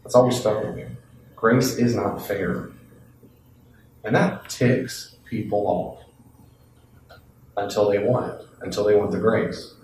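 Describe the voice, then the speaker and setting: A man teaching a Bible class, lively and folksy, acting out voices from the story. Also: fairly low pitch, slow, long pauses, slight background noise. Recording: echoey classroom from a distant mic.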